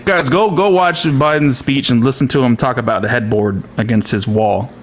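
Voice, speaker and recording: A man's voice: mid-range voice, normal speed, slight background noise. A man chatting casually and rambling, with many fillers. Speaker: comedic streamer. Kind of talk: casual chat.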